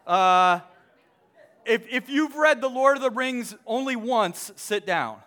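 A young man speaking to a live audience, polling them with quick questions, full of halting restarts, then reading a book passage aloud. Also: very high voice, animated, bright, forceful tone. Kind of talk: lively talk to a crowd, reading aloud.

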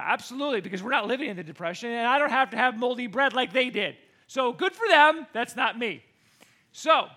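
A middle-aged man casually telling a personal story to camera, acting out the voices of the people in it with big swings. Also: high-pitched. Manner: animated, acts out quoted voices with big swings. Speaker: vlogger.

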